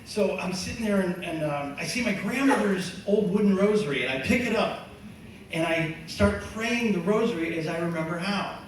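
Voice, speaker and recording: A man giving a testimony, telling his story in a lively, conversational way, laughing often and using many fillers. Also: sits high, moderate pace. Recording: echoey hall from far off, faint noise.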